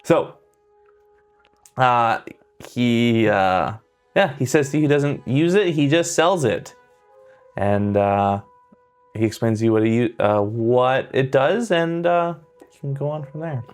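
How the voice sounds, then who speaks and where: A man in casual talk at a tabletop game, narrating and playing, with many pauses and fillers. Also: mid-range voice, animated, clear, resonant tone, faint music behind.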